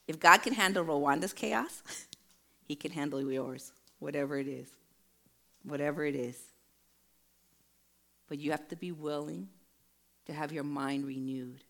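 A middle-aged woman delivering a sermon, weaving in her own story with earnest emphasis. Her voice sits low, with a gravelly fry at the edges of her phrases. She speaks like a storyteller pressing home a point. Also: measured pace, pauses often, fairly bright tone. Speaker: preacher. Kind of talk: sermon with personal testimony.

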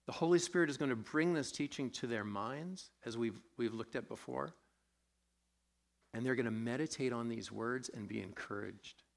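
A man's voice: medium pitch, moderate pace, vocal fry. A man preaching a sermon, conversational and self-deprecating, with a sore throat, asking his congregation questions as he goes. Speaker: pastor.

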